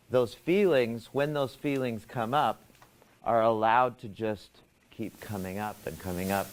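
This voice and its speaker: A man teaching a class, asking students questions and explaining ideas step by step. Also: lowish voice. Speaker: instructor.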